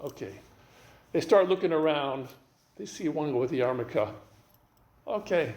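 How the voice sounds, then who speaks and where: A man speaking as a guest rabbi, telling stories in an animated way and acting out the dialogue. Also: fairly high pitch, moderate pace, echoey room. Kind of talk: storytelling talk.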